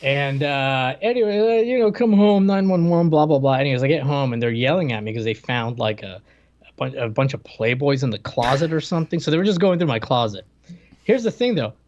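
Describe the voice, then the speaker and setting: A man co-hosting a podcast, telling stories in a wry, animated way in casual chat. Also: mid-range voice, brisk. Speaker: podcast co-host. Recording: dull lo-fi sound.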